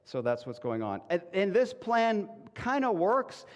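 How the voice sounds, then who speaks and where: A male pastor preaching in a casual, animated way, acting out quick voices of the people in the story. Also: high-pitched. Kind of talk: conversational sermon. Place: church sanctuary. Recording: long hall reverb.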